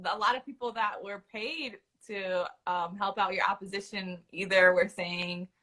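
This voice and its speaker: A woman hosting an interview over a video call, asking quick, playful questions and laughing along. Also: mid-range voice, steady tone, crowd noise. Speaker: podcast host.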